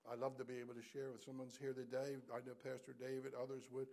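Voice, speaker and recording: A male pastor preaching a sermon, swinging from loud exhortation to hushed, near-whispered lines and repeating key phrases to the congregation. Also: medium pitch, monotone, fast, vocal fry. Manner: repeats key phrases, addresses listeners as church. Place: church service, also streamed online.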